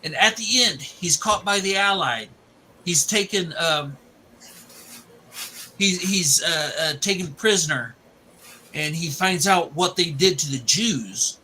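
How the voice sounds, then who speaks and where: A man's voice: fairly high pitch, takes it slowly, long pauses, sharp tone, slight background noise, low-quality recording. A man casually retelling the plot of a film, rambling and restarting as he goes.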